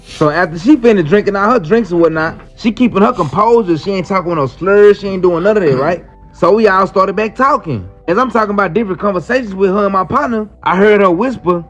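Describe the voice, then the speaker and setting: High-voiced man telling a wild story. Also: brisk. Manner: animated, slangy, acts out quotes. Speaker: storyteller in a clip. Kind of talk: casual storytelling. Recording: muffled clip with faint music.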